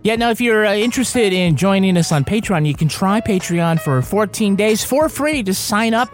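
A man co-hosting a podcast, reading announcements in a relaxed, hesitant way with many fillers. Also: high-pitched, moderate pace, soft background music. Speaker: podcast co-host. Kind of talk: casual podcast chat and announcements.

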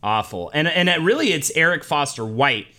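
A man's voice: on the high side, normal speed. A man co-hosting a podcast, telling pop history in a jokey, casual way. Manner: lively, jokey storyteller. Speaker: podcast co-host. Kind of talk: casual comedic chat.

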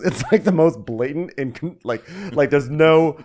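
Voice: mid-range voice, darkish tone, a little hiss or hum. A podcast co-host giving a snarky, laughing recap of a reality show, often slipping into impressions. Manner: snarky, laughing, quick to mimic. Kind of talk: casual comedic recap.

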